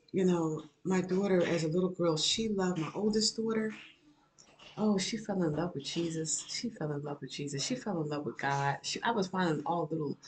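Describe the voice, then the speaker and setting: A woman's voice: lowish voice, a little hiss or hum. Rambling middle-aged woman chatting at home. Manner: rambling, repeats herself, many "you know"s. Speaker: vlogger. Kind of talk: casual chat to viewers. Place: home kitchen.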